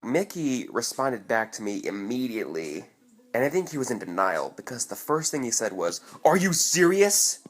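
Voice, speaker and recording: A man casually telling a personal story in a vlog, animated and profane, acting out what people said. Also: fairly low pitch, normal speed. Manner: animated, profane, acts out quoted voices.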